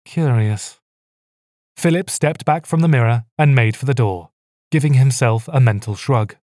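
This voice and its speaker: A man narrating stories in an even storytelling delivery into a close mic. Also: mid-range voice, a little slow, no echo. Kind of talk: audiobook narration.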